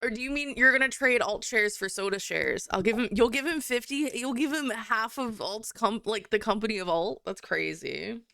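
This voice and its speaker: Bright, crisp-voiced woman chatting on stream. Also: a little high, normal speed, few pauses, dry recording, studio quality. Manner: chatty and giggly, rambling with frequent laughs. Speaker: artist livestreamer. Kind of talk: casual chat while drawing live.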